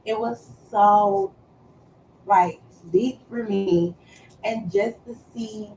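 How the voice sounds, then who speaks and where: A woman's voice: mid-range voice, steady tone, drawn-out words, a little mellow, slight background noise, poor audio. A woman streaming live, chatting casually in a profane, teasing way and drawing out words for emphasis.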